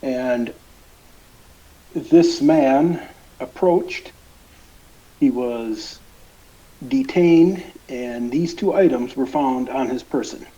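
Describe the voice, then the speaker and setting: A man's voice: medium pitch, very slow, pauses often, dark tone, dull audio. A man voicing a noble male investigator who gives a formal report.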